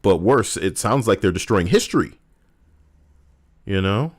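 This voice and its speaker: A man rambles through casual livestream chat in a low voice that swings widely in pitch. He is profane and talkative, jumping from thought to thought. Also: animated, a little slow. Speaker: game streamer.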